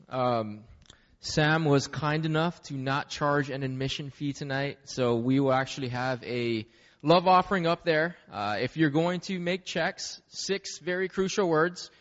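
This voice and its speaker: A man's voice: on the high side, a little slow. A man hosting a church event, making upbeat closing announcements. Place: church hall. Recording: echoey hall, dull lo-fi sound.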